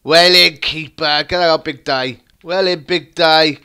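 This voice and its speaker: A young man commentating his own football video game match, excitable and crude, muttering one moment and shouting the next. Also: fairly high pitch, measured pace, clear, resonant tone. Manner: crude banter. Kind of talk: live gameplay commentary.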